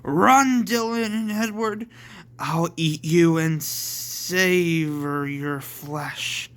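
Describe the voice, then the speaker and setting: A creepy evil Queen Devil shrieks threats in a high, taunting voice, as a man puts her on. The tone is bright and crisp, a homemade storybook reading. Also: very slow. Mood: menacing. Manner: gleeful menacing taunting.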